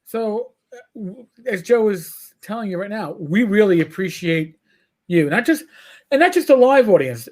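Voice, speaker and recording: A man with a New York accent, co-hosting a casual livestreamed podcast. He talks in a profane, rambling way, telling stories as he goes. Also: high-pitched. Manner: profane, rambling, animated storyteller. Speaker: podcast co-host.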